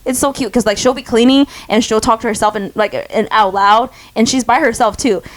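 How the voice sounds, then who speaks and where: Animated woman podcast co-host. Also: on the high side, fairly quick. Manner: animated, restarts sentences, laughs often. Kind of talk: casual chat.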